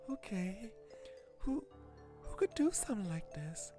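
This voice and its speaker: Man doing a high-pitched worried girl detective, jumpy and earnest. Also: unhurried. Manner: high, excited, anxious. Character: young female detective heroine, earnest and easily alarmed. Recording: game music behind.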